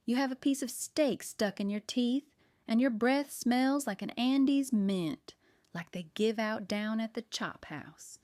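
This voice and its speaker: A bossy, folksy older woman baker scolds with fierce protectiveness, as a woman voices her in an audiobook. The voice is smooth and clear, recorded close in a dry space. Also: on the high side, slow pace, darkish tone, no echo. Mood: scolding. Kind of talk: audiobook character reading.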